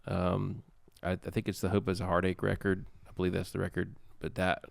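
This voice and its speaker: A man co-hosts a laid-back podcast, trading playful jabs and music opinions. His voice is very low with a gravelly edge. The sound is dry, with no room echo. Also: completely flat delivery, fairly quick. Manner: playful banter. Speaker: podcast co-host. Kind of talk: casual chat.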